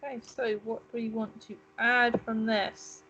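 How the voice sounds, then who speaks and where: Woman thinking out loud over a game, slightly high voice, little hiss behind. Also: flat delivery, measured pace, dull audio. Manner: chatty, muses aloud while reading game text. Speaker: let's play co-host. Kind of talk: casual gaming commentary.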